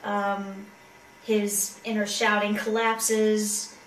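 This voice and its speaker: A woman's voice: medium pitch, little pitch movement, drawn-out words, slight background noise. A woman co-hosting a casual show, reading from a novel and paraphrasing it loosely, with lots of fillers and giggles. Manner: informal, with many fillers and giggles. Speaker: co-host and reader. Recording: roomy, distant amateur recording.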